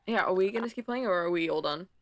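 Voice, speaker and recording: A woman chatting casually while gaming with friends, giggly and relaxed. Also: on the low side, fast talker, no echo, soft background music.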